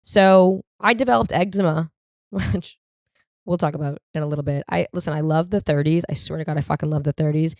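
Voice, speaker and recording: Low-voiced profane woman comic in her thirties. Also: fairly quick, no room sound, studio quality. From US East Coast. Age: 30s. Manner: profane, rambling and animated, acts out quoted voices. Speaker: podcast host. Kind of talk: comedic monologue.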